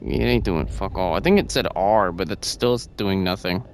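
A man's voice: low-pitched, moderate pace, a little mellow, slight background noise. A man playing a co-op game with a friend, teasing him, swearing and laughing a lot. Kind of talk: casual co-op gameplay chat.

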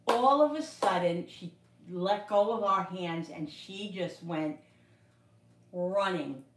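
A woman's voice: lowish voice, slow pace, recorded from a distance. Middle-aged woman, rambling in an echoey kitchen. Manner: rambling, repetitive storytelling with many restarts. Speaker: cooking livestream host. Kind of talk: casual chat while cooking. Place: home kitchen. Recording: echoey room, voice away from the mic.

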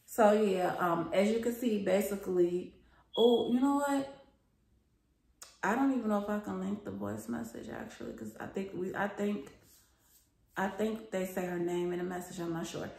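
A woman's voice: medium pitch, moderate pace, gravelly, darkish tone. A young adult woman telling a casual storytime to her viewers, chatty, gossipy and freely profane. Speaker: storytime vlogger. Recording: roomy echo.

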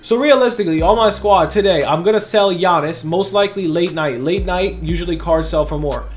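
A young man giving casual, hyped commentary over his gameplay, talking quickly and often repeating himself, a bit out of breath. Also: high-pitched, soft background music. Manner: fast, hyped, repeats words while talking. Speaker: gaming YouTuber.

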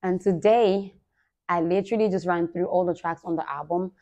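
A woman, a singer giving a heartfelt, effusive thank-you speech to her supporters, often laughing and moving between loud bursts and soft murmurs. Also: lowish voice, fairly even intonation, moderate pace, lo-fi sound.

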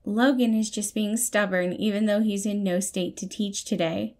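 A woman's voice: mid-range voice, steady tone, moderate pace, natural voice. Patton, a scolding young man, as a woman reads him. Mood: cheerful bite. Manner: scolding, sharp, raising voice. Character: exasperated protective young man, cheerful turned angry.

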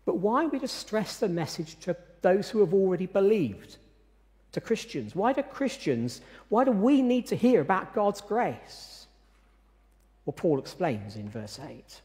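Male preacher, sermon, fairly high voice, long church reverb. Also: sing-song, a little mellow. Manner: measured, emphatic preaching with pauses.

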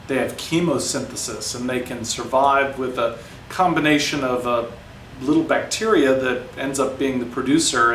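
Male science teacher, casual and jokey, roomy sound from a distant mic, slightly raised pitch. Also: a bit bright, slight background noise. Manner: chatty, joking asides to students. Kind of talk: casual classroom lesson.

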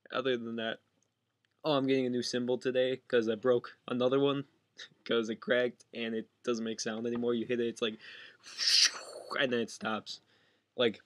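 A young man rambles through a casual vlog in his bedroom, jumping from thought to thought and interrupting himself. His voice sits at an ordinary middle pitch. The sound is dry and close, with no room echo. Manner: fast, scattered, self-interrupting. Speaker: vlogger. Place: cluttered bedroom at home.

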